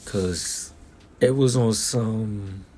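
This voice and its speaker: A man's voice: on the low side, very slow, mellow, slightly rough. Young man rambling through a casual review. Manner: rambling storytelling with slang and restarts. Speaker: vlogger reviewing a film.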